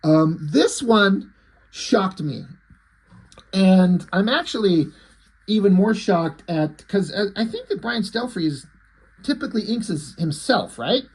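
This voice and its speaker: A man's voice: high voice, animated, takes it slowly, breathy edge, low-quality recording. A man reviewing comics in a casual vlog, enthusiastic, profane and rambling.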